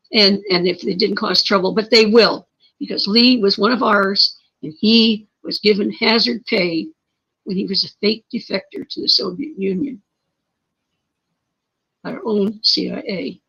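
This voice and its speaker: A woman's voice: medium pitch, creaky, fairly bright tone, breathy edge. A woman being interviewed who tells her story emphatically, pressing her points with repeated words and rhetorical questions. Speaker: interview guest. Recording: muffled lo-fi stream audio.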